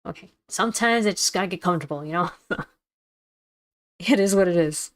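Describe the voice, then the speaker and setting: A woman's voice: lowish voice, fairly quick. Candid, swearing young woman streamer. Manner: candid, self-deprecating, swears freely. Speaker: let's-read streamer. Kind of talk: casual commentary while reading.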